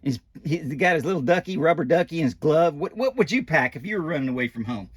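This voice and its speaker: A man voices a chatty, folksy old animatronic doll reading a children's picture book aloud, constantly drifting into rambling asides with loose grammar. His voice is fairly high, expressive, quick and slightly rough, bouncing lively up and down. The sound is dry, close, and clean studio quality with no echo.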